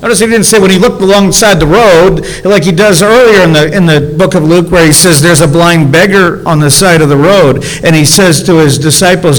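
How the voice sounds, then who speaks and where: Higher-voiced male pastor preaching. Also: moderate pace, a bit bright, low-quality recording. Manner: conversational preaching with rhetorical questions, stretching out key words. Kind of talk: sermon.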